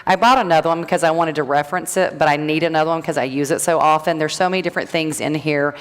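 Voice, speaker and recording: A woman's voice: low-pitched, fairly even intonation, fast. A middle-aged woman speaking casually to a live audience, chatty and rambling, often restarting her sentences. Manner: rambling, chatty, self-interrupting storyteller. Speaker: graduate speaker, natural health practitioner. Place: event hall. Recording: long hall reverb.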